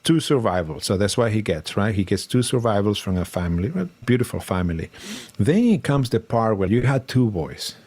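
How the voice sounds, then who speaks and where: Animated man. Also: fairly low pitch, brisk. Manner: animated storyteller, acts out quotes, swears freely. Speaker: podcast co-host. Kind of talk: casual political chat.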